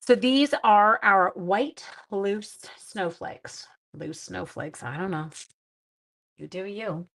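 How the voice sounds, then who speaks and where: A woman talks her viewers through a paper craft on a casual livestream. She is chatty and giggly and pokes fun at herself as she works. Her voice sits in an ordinary middle pitch. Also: slow pace, creaky, fairly bright tone. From Canada. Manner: chatty, giggly and self-deprecating. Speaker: craft class host and schoolteacher.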